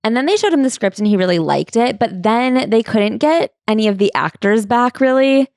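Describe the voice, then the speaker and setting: A woman's voice: on the high side, lively intonation, normal speed, a little mellow, no room sound, studio quality. A woman co-hosting a book club podcast, chatting and joking while recapping a memoir. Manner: chatty, jokes about the topic. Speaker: podcast co-host. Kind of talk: casual book club chat.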